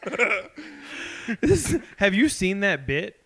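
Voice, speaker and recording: A man co-hosting a loose comedy podcast, often giggling mid-sentence. His voice sits high and bright, and it swings widely up and down as he talks. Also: sing-song, takes it slowly. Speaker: podcast co-host. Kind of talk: casual comedy podcast banter.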